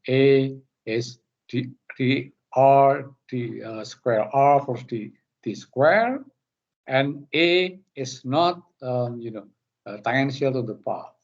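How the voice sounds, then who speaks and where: A man with an Indonesian accent lecturing online, halting and repeating words as he explains. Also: mid-range voice, slightly rough. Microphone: computer mic on a video call. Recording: muffled meeting-call audio.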